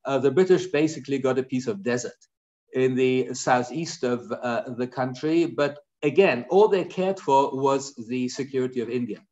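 A man's voice: medium pitch, moderate pace, a little mellow, lo-fi sound. Hesitant male professor lecturing. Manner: hesitant, many fillers. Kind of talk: academic lecture.

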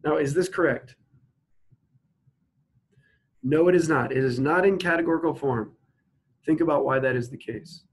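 A male instructor works through logic examples at an even pitch. He slows down to spell out each sentence and keeps asking his listeners to stop and think before he gives the answer. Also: breathy edge, poor audio. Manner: explains step by step, asks students to pause and think. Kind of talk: recorded logic lecture.

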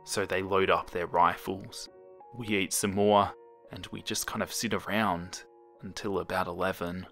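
A man narrates a creepypasta horror story in a slow, hushed delivery. His voice sits low, and he lets it sink to a whisper in tense moments. Faint music plays beneath him. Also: little pitch movement.

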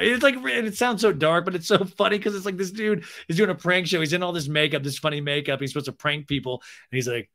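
A man's voice: fairly high pitch, fast talker, hardly any pauses. A young adult man hosting a comedy podcast, recapping reality TV with rambling asides and acted-out quotes. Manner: animated, acts out quotes in funny voices. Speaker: podcast host.

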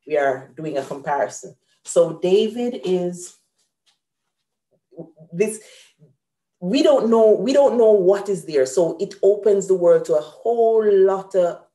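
Woman host going over grammar slowly, mellow tone, kinda low voice. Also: echoey room. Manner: patient, explains step by step, lively on examples. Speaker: host and teacher. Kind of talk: online grammar lesson.

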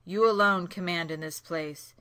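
A woman's voice: lowish voice, normal speed, bright, forceful tone. Humble storybook beast, read by a woman. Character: gentle lonely male beast, humble and sad.

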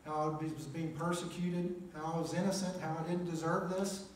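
A man's voice: on the high side, steady tone, moderate pace, slight background noise. A middle-aged man preaching a personal testimony in a small chapel, in a plainspoken storytelling way with frequent "uh"s. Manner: plainspoken storyteller, many "uh" and "make a long story short". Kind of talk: testimony sermon. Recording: echoey chapel, mic at a distance.

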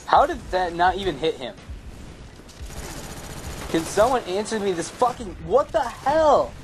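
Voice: mid-range voice, expressive, measured pace, noisy background. A young adult gamer commentating their own play in a profane, ranting way full of outbursts. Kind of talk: gameplay commentary. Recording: game gunfire faint behind.

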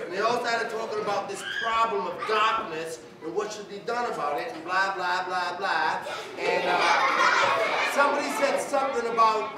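A man in his sixties, a storyteller performing live for schoolchildren, animated and playful as he calls on the audience. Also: high-pitched. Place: elementary school hall. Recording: echoey hall from far off, noisy.

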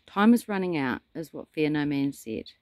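A man's voice: fairly high pitch, darkish tone. A man delivering a rambling spiritual monologue, telling stories with dramatic asides. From New Zealand. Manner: meandering storyteller, dramatic asides. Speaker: self-styled prophet.

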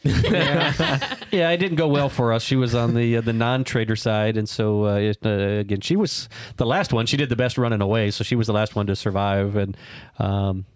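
A man co-hosting a podcast in casual board game chat, eager and quick to agree with the others. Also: on the low side, smooth, dry recording. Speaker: podcast co-host.

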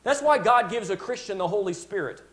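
A man's voice: sits high, lively intonation, brisk, fairly bright tone. A man preaching a sermon as pastor, emphatic, stopping to restart phrases and asking his congregation "Amen?".

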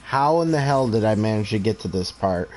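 A man's voice: on the low side, lively intonation, fairly quick, darkish tone, faint music behind. A man in his twenties with a stutter, hosting a game stream and talking in an earnest, rambling, heartfelt way. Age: 20s. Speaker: streamer host. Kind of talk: casual chat while streaming a game.

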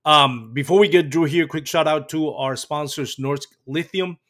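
A man's voice: on the high side, normal speed, fairly bright tone. A man hosting a fishing live show, reading sponsor notes and interviewing loosely, with "um" and "uh" fillers. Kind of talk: sponsor reads and casual interview.

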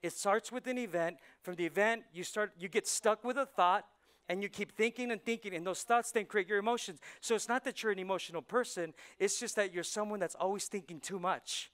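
Male pastor, high and bright voice, chatty preaching that jumps from quiet asides to loud punchlines. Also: brisk, clear, resonant tone. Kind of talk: sermon. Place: church sanctuary.

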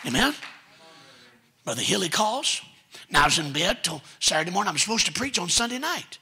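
A man preaching a sermon in a church, telling stories with folksy asides and building to shouted commands. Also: sits high, sing-song, fairly quick, breathy edge. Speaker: guest preacher. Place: church sanctuary.

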